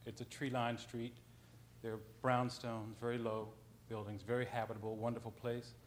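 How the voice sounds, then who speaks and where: A man's voice: medium pitch, level tone, normal speed, slight background noise. A man on a panel, a writer, telling an anecdote in a conversational way, with frequent ums and self-corrections.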